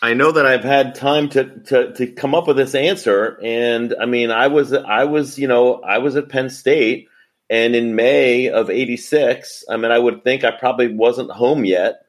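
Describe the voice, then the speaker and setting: A man's voice: medium pitch, fairly even intonation, unhurried. A man in his fifties chatting on a podcast, hesitant and candid. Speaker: podcast guest. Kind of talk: casual chat.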